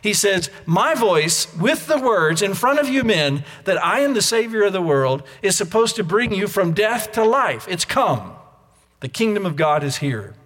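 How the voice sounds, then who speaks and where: A man with a slightly high voice preaches a sermon from the pulpit. He drives his points hard, then drops to a near-whisper. The sound carries a long reverb from a church sanctuary. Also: sing-song, moderate pace. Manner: swings from loud emphatic to hushed near-whisper. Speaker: pastor.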